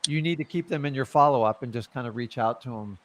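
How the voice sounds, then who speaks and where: A man hosting a casual real estate coaching chat, talking emphatically and pushing his points with sudden bursts of loudness. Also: medium pitch, quick pace, a loud crowd. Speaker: real estate investor and show host.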